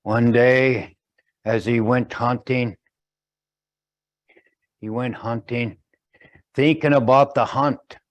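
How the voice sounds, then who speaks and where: A man telling a traditional story slowly, pausing often and explaining as he goes. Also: mid-range voice, fairly even intonation.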